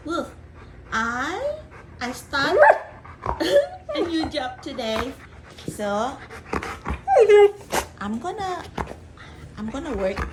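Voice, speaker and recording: A woman's voice: high-pitched, sing-song, drawn-out words, long pauses, noisy background. A young woman at home, laughing a lot as she coaxes and chats with her dog in a sweet, teasing voice. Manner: laughing often, coaxing baby-talk to a dog. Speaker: dog owner talking to her husky. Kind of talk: casual talk to a pet.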